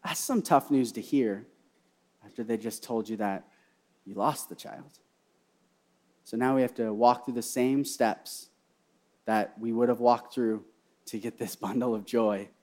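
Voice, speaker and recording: A young man preaching a sermon, repeating key phrases and swinging from hushed personal storytelling to loud, fervent cries. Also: medium pitch, measured pace, pauses often. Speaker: pastor.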